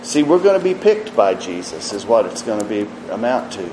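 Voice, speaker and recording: A man preaching a sermon earnestly, rising in emphasis and dropping to quiet, low asides. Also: big pitch swings, reverberant, noisy background. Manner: slow, earnest preaching with rises and quiet drops.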